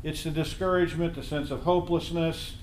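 Brief: male Bible class teacher, fairly high voice, lively storyteller, recorded in a roomy classroom. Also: a little fast, a little hiss or hum. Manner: animated storytelling, acts out voices in anecdotes.

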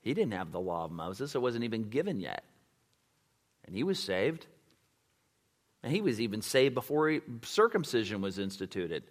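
A man's voice: fairly low pitch, normal speed, long pauses. A man preaching a sermon and answering questions, talking casually with lots of fillers and acting out the quotes. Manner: conversational, animated, many fillers, acts out quotes. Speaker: pastor. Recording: long hall reverb.

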